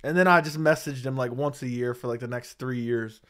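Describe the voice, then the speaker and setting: Speaking brisk and at medium pitch, a man hosts an MMA livestream with a heated, profane, emphatic rant. The tone is fairly bright, captured on a studio dynamic mic.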